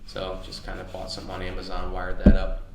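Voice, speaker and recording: A man's voice: deep voice, monotone, fast, heavy background noise. A man in his thirties, a podcast co-host, telling family anecdotes in a rambling, casual way with many restarts, recorded on location. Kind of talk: casual storytelling chat. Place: on location near his home. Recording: echoey on-location recording with faint ambience.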